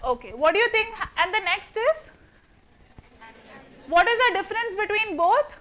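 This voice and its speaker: A woman with an Indian English accent, a communication trainer giving an energetic, theatrical workshop lecture and quizzing the students in the room. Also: very high voice, moderate pace. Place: classroom with a live student audience.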